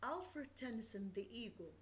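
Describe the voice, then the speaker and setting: A woman giving a recorded literature lecture, reading verse slowly and deliberately and explaining it. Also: on the high side, expressive, slight background noise, poor audio.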